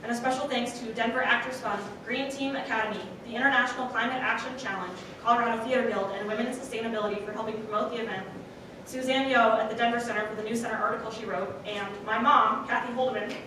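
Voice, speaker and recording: A woman organizer thanking partners and giving house announcements before a theatre event, a little halting. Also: a little high, steady tone. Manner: quick, thankful, slightly halting. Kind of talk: opening announcements. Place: theatre stage, live event. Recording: roomy hall, voice from far off, noise.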